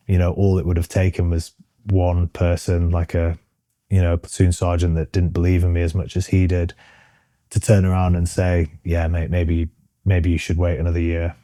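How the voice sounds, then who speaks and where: A man's voice: low-pitched, warm tone, no echo, studio quality. A British man in his thirties, a guest in an interview, talking frankly with many ums and restarts. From Britain. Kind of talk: casual interview chat.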